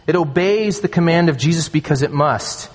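A man preaching a sermon as a pastor, earnest and emphatic, slowing down to stress key phrases. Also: on the high side. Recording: long hall reverb.

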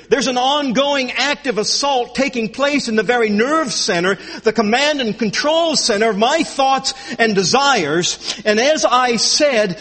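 A man's voice: very high-pitched, fairly bright tone, in a large hall. A man preaching a sermon verse by verse, emphatic and repeating his key phrases. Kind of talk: expository sermon.

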